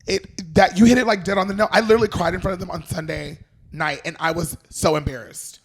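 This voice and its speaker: A man's voice: sits high, fairly even intonation, a little hiss or hum. A man around thirty, a guest on a casual podcast, talking candidly and emotionally about mentoring and vulnerability. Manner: candid, emotional, quick asides.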